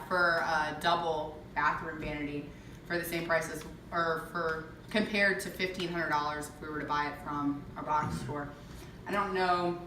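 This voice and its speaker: A young woman giving a casual walkthrough of her home renovation, chatty and filling pauses with lots of ums. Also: low voice, background noise. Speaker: homeowner giving a renovation tour. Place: empty house under renovation, indoors. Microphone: camera mic held by another person. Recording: echoey bare room, voice off-mic.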